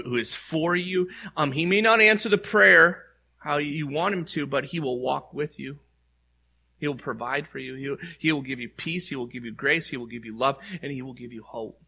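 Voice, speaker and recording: A man's voice: medium pitch, pushed and bright, breathy edge. A middle-aged male pastor preaching in an earnest, conversational way, acting out heartfelt prayers aloud. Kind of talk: sermon.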